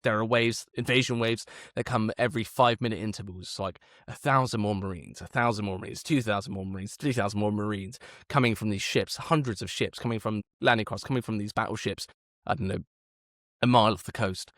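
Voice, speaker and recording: A man co-hosting a casual history podcast, telling the story in an animated way, swearing now and then and slowing down for emphasis. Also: fairly low pitch, no echo, clean studio sound.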